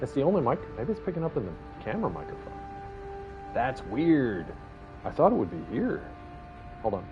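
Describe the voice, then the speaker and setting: A man's voice: mid-range voice, huge pitch swings, moderate pace, pauses often, narrow, tinny audio, over music. A man in his forties casually commenting on his gameplay during a live stream, rambling and joking with viewers. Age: 40s.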